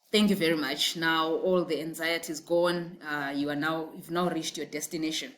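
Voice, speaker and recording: A woman teaching language phrases, repeating each one slowly and clearly for the learner. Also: lowish voice, a bit bright. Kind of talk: language lesson.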